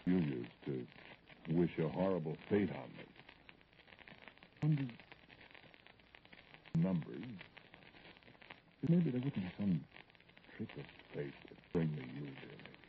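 Haunted brooding radio-drama lead, very deep voice, swinging pitch, dull hissy old broadcast. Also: male voice, big pitch swings, slow, vocal fry, pauses often, full character voice. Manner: intense, confiding narration to an unseen listener. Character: haunted middle-aged man, jittery and brooding. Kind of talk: 1940s radio acting.

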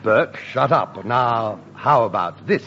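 A man performing a deadpan mock science lecture in a radio sketch comedy. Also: medium pitch, slow pace. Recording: dull old radio recording with hiss.

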